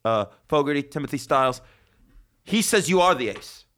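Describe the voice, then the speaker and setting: A man hosting a casual podcast, joking loudly and swearing, his voice swinging from high excited bursts to low asides. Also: normal speed. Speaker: podcast host.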